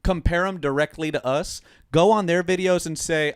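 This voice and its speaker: A man co-hosting a casual podcast, joking around with friends and breaking into loud outbursts. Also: fairly high pitch, normal speed, clean tone. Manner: animated, bursts into loud outbursts and mock voices. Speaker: podcast co-host.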